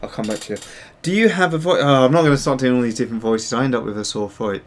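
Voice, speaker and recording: A man hosts a casual livestream with a middle-pitched voice. He rambles and pokes fun at himself, reading out viewers' messages as they come in. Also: rapid-fire. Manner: rambling, self-mocking, reads chat aloud. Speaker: host of a digital sculpting stream.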